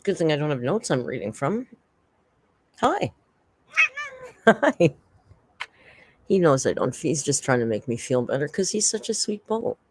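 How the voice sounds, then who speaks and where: A woman's voice: sits low, very animated, brisk, hardly any pauses, a little mellow, husky, no echo. A woman hosting a casual livestream from home, rambling and chatty as she thanks chat members, on a desk microphone. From Canada. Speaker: livestream host.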